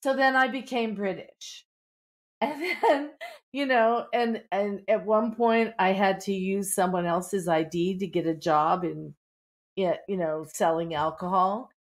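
A middle-aged author from the Pittsburgh area, judging by her accent, speaks frankly in a podcast interview with lots of "you know" fillers. Her voice is medium-pitched and her pace measured.

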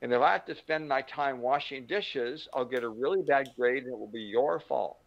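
A man's voice: mid-range voice, moderate pace, creaky, natural voice. A man voicing a clever, sweet-talking teenage girl who coaxes her father with a wheedling manner, in a dull lo-fi recording. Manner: wheedling, coaxing.

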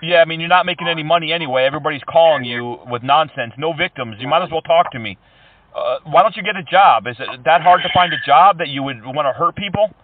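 A man taunts and mocks the person on the other end of a call, his voice sarcastic and a little high. He sounds dry and set back from the mic, squeezed through a thin phone line. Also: expressive, fast, no room sound, distant mic. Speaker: prank caller trolling phone scammers. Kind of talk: mocking prank phone call.

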